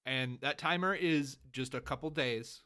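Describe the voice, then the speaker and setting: Bright-voiced man, emphatic podcast co-host. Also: mid-range voice, a little slow, smooth. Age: adult, married. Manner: long-winded, laying out rules with emphasis. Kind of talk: casual chat.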